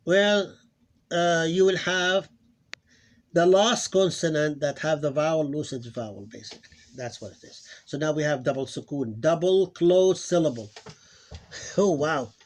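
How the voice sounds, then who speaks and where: A man with a fairly high voice leads a relaxed phonics lesson at a slow, unhurried pace. He muses aloud, stops to correct himself, and draws out each example word so it can be heard clearly. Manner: thinks aloud, self-correcting, drawn-out model words. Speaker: Arabic phonics teacher. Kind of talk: informal recorded lesson.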